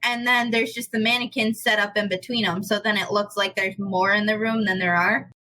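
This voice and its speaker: A young woman chatting casually on a podcast, telling a ghost story in an animated way, with lots of fillers and swearing. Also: mid-range voice, brisk, rough recording. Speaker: podcast co-host.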